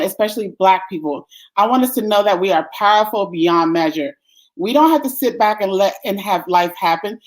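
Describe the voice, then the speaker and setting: A woman's voice: medium pitch, low-quality recording. A woman hosting a livestream summit, giving closing remarks in an effusive, grateful way and laughing often. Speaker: summit host.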